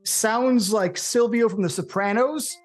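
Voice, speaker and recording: A man co-hosting a casual movie podcast, opinionated and animated, with profane banter. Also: high voice, a little slow, soft background music. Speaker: co-host.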